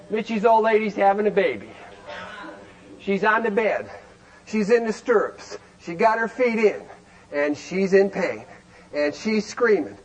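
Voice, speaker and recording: A man with a very high-pitched voice gives an animated lecture to a recovery group, firing off rhetorical questions and sometimes shouting. The sound is lo-fi.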